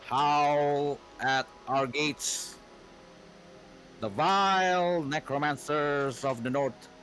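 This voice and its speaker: A man putting on a husky queen's proclamation. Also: medium pitch, poor audio. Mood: solemn. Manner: slow, solemn and proclaiming. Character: husky deep-voiced woman ruler giving a grand address.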